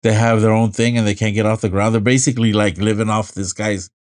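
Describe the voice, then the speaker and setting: Podcast co-host, young adult man, slightly low pitch, easygoing and casual, teases his partner. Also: steady tone, quick pace, darkish tone. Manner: laid-back, says "man" a lot, teasing. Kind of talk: casual chat.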